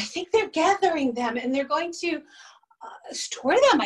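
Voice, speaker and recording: High-voiced woman leading a kids' sing-along. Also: animated, a little slow. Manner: sings and chants songs, bright and coaxing with kids. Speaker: children's music teacher. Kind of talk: children's music and movement class.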